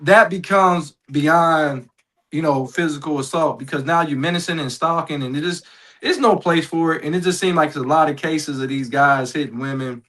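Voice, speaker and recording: A man with a somewhat high voice talking casually on a sports podcast. He answers listener comments in a blunt, plainspoken way. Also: normal speed, a bit bright, rough recording. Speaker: podcast co-host.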